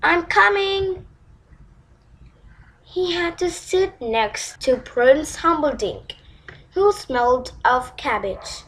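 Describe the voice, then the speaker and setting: A woman reading a children's storybook aloud in a slow, expressive way. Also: sits high, breathy edge, poor audio.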